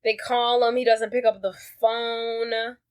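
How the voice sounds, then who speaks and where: A woman's voice: a little high, slow pace. Profane, slangy woman podcast co-host. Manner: slangy, profane, animated retelling. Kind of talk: casual movie recap chat.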